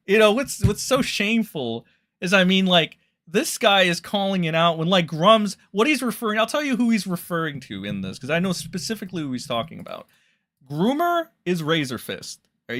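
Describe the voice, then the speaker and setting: Bright-voiced man ranting on a stream. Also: on the high side. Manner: rambling, profane, sarcastic ranting. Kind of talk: livestream rant.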